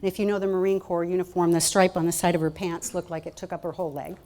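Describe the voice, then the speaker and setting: A woman's voice: on the low side, quick pace. Woman giving a storytelling keynote. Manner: animated, acts out quoted voices. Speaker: keynote speaker. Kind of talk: storytelling conference speech. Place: conference hall.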